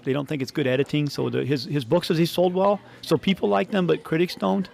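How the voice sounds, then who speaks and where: Man, podcast co-host, gravelly, rambling, casual chat. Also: on the high side, fairly even intonation, a little fast, a little mellow. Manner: rambling, laughs often.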